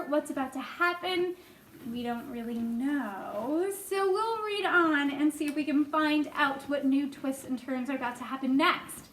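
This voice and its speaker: A woman reading a children's book aloud in a gentle, expressive way. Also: extremely high pitch. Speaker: storyteller. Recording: echoey room, faint noise.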